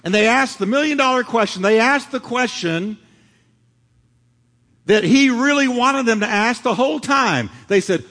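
A middle-aged male pastor preaching a sermon, swinging from loud, dramatic lines to hushed ones. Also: extremely high pitch, expressive, normal speed. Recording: long hall reverb.

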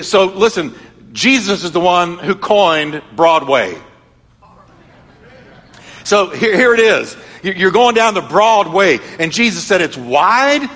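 A man's voice: sits high, very animated, takes it slowly, fairly bright tone, slightly rough. A man preaching a sermon as pastor, emphatic and repetitive, with a strong preaching cadence. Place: church sanctuary. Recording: long reverb of a large church hall.

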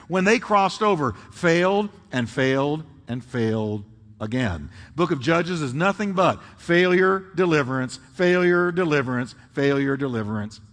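A male preacher with a fairly high, lively voice that leaps up and drops low for effect. He delivers his sermon dramatically, booming one moment and hushed the next. His voice rings out with a long reverb, as in a big church sanctuary.

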